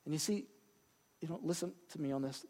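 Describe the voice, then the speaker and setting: A man's voice: a little high, fairly quick, warm tone, big-room sound. A male pastor preaching a sermon in a conversational way, with frequent asides and check-ins with the congregation.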